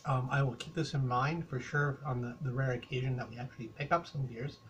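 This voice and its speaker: A man's voice: medium pitch, steady tone, brisk, a little hiss or hum. An older man with a Canadian accent, talking through a casual rambling beer review, full of hesitations and fillers.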